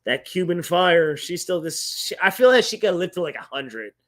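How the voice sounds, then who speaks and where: A man hosting a livestream, telling stories in casual chat, animated and profane, acting out quoted dialogue. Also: sits high, moderate pace. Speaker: livestream host.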